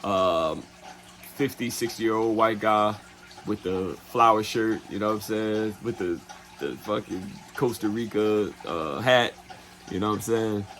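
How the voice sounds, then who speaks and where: A travel vlogger tells a story casually in a loose, profane way, loaded with fillers like "you know what I'm saying" and quick put-on voices for other people's lines. His voice is on the low side and a bit bright.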